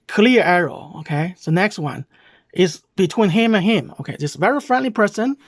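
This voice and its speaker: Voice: medium pitch, animated, moderate pace. A video commentator with a Chinese accent, reacting to a clip, explaining it word by word and often asking "okay?" in a heated, accusing way.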